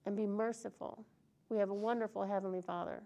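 A woman's voice: medium pitch, steady tone, fast talker, mellow, dull audio. A woman preaching an earnest, conversational sermon in a church service.

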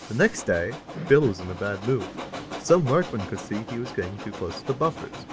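Lively man narrating a storybook. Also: on the low side, a little fast. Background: music.

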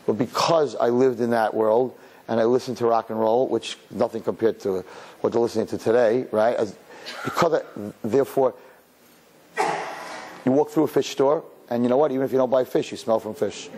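A middle-aged man, a rabbi, preaching a sermon in an animated, storytelling way, laughing and quoting himself. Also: mid-range voice, moderate pace, a little hiss or hum.

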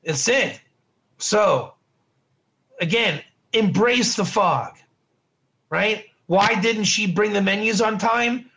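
Slow and full of long pauses, a middle-aged man's high, sharp voice leads an informal Torah lesson. He keeps things conversational and repetitive, frequently asking the class "right?"

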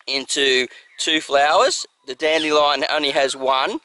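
A man's voice: medium pitch, steady tone, measured pace, bright, forceful tone, poor audio. A man with an Australian accent hosting a casual gardening vlog, chatty and enthusiastic, addressing viewers as his friends. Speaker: gardening channel host.

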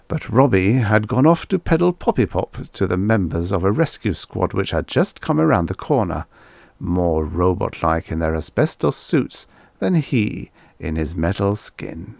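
A man narrating a vintage science fiction audiobook in a measured, expressive storytelling voice. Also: low-pitched, vocal fry, dry recording. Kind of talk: scripted narration.

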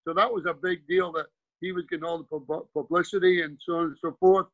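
Scottish guest in his 70s; high, forceful tone; chatty storyteller full of restarts. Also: fairly even intonation, fairly quick, no echo, highs cut off. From Scotland. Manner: rambling anecdotes with frequent restarts and "you know". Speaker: guest, former pro player and coach. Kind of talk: casual storytelling interview.

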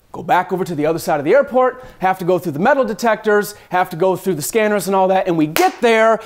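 A man telling a personal travel story, acting out scenes with lively shifts and the occasional swear word. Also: high voice.

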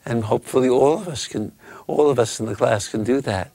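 A man hosting a casual chat, telling riddles and stories in a slow, drawn-out, teasing way. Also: medium pitch, gravelly, mellow, no room sound. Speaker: host.

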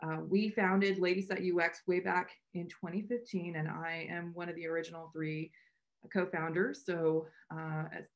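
A woman's voice: fairly low pitch, flat delivery, normal speed. Chatty woman hosting a video call. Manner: chatty, many restarts and fillers. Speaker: meetup co-founder and host. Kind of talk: casual welcome remarks on a video call.

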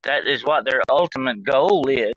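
A man's voice: medium pitch, moderate pace, a bit bright, muffled recording. A man talking as a guest on a call-in style show, rambling, with many fillers and restarts. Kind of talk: casual talk-show discussion.

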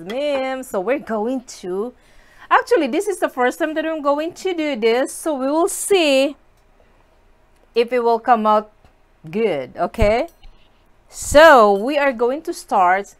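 A woman cooking at home and chatting to her viewers, giggly and excitable. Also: sits high, takes it slowly, clear, resonant tone. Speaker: cooking vlogger. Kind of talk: casual cooking chat to viewers. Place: home kitchen.

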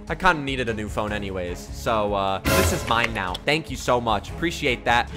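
A young man narrating his own video game roleplay as a school principal, animated and switching between playful and mock-angry. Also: on the low side, a little fast, hardly any pauses, faint music behind. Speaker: YouTuber narrating roleplay gameplay. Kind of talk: casual roleplay commentary.

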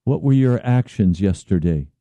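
A man preaching a slow, earnest radio sermon as pastor, at times pleading in prayer. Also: fairly low pitch, animated, dark tone, dry recording.

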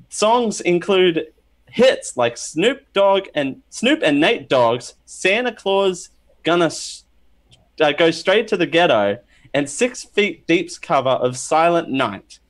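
Man, podcast host, joking, lively voice, slightly high. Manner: joking, laughs often, stumbles over reading. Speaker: podcast host running a quiz. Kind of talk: casual podcast banter.

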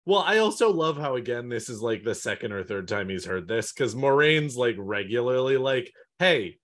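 A man's voice: mid-range voice, moderate pace. A man co-hosting a casual fan podcast, retelling scenes with mock quotes and crude jokes. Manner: lively storyteller, mock quotes, profane humor. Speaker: podcast co-host.

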